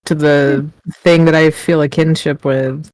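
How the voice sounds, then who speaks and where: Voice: mid-range voice, little pitch movement, measured pace, darkish tone, no echo. A player in a tabletop game session, joking while describing their character's actions.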